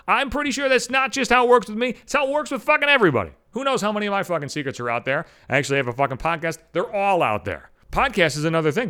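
A man's voice: high-pitched, sharp tone. A man hosting his podcast in a profane solo rant, swearing constantly and mocking other people's voices as he quotes them. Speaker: podcast host.

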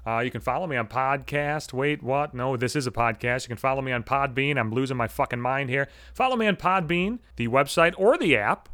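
A man's voice: mid-range voice, brisk, hardly any pauses, a bit bright, dry recording. A man in his thirties hosting a solo podcast, telling a story in a brash, profane, sardonic rant. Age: 30s. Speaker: podcast host.

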